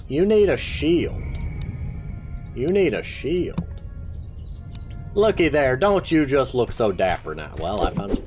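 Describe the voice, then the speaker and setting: A man's voice: fairly low pitch, a little mellow. A man casually commenting as he plays a fantasy game, joking and talking to the characters. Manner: playful, chatty, talks to the game characters. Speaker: let's play host.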